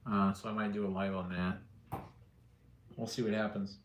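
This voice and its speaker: Middle-aged male streamer, lowish voice, relaxed and jokey, roomy echo. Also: normal speed, a little hiss or hum. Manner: easygoing, joking, answering chat. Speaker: livestream host. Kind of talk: casual livestream chat with viewers. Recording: echoey room.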